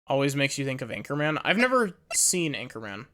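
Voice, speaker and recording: A woman's voice: extremely low pitch, very animated, a little fast, fairly bright tone. A woman streamer making chatty, rambling asides while playing a game. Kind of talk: casual let's-play commentary. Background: game music.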